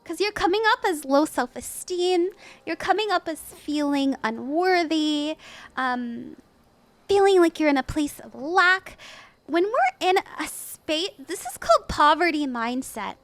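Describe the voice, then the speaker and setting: A woman's voice: sits high, very animated, unhurried, fairly bright tone, no echo. A woman hosting a casual live-stream tarot reading, bubbly, giggly and encouraging as she gives advice. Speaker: tarot reader and livestream host.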